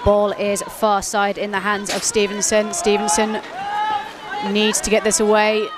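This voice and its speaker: A woman's voice: mid-range voice, completely flat delivery. Woman calling a match over crowd noise. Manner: quick play-by-play, rising to shouts at goals. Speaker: commentator. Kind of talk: live sports commentary. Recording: loud crowd and outdoor noise behind.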